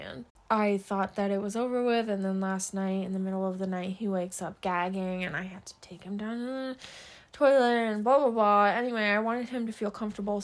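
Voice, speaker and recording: A young woman hosting a casual solo podcast, chatting upbeat about her day with a lot of fillers. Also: medium pitch. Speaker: podcast host.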